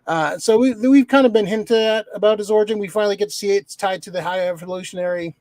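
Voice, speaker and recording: Talking fast in a high, darkish voice, this man co-hosts a podcast and reviews a film. The chat is casual and rambling, full of fillers and heavy profanity, recorded with no room sound.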